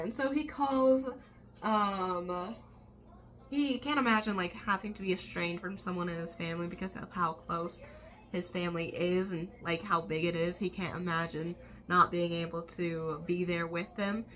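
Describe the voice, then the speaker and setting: A woman's voice: lowish voice, fairly even intonation, moderate pace, fairly bright tone, slight background noise. A woman recapping a novel in a chatty, rambling way, with many fillers. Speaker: book vlogger. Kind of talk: casual book recap.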